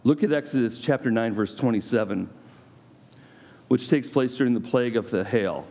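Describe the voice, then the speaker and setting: A man preaching a sermon, animated and playful, acting out scripture with mock voices. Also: mid-range voice, moderate pace. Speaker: pastor.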